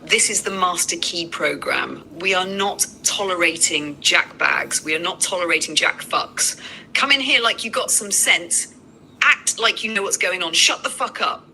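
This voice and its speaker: Woman, livestream co-host, comedic roast, rapid-fire insults, piercing bright voice. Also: fairly low pitch, creaky, slight background noise, rough recording.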